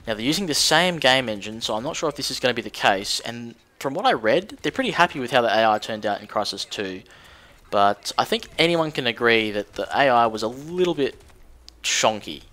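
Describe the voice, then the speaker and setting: A man's voice: medium pitch, lively intonation, fairly quick, sharp tone. A man giving casual, rambling commentary with lots of ums and restarts. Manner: rambling, hesitant, lots of fillers. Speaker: gaming video creator.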